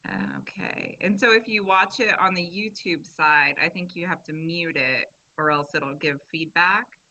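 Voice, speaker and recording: A woman's voice: lowish voice, unhurried, sharp tone. A woman hosting a casual live-stream chat on her phone, chatty and easily amused. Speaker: host of a live video chat. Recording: muffled lo-fi phone audio.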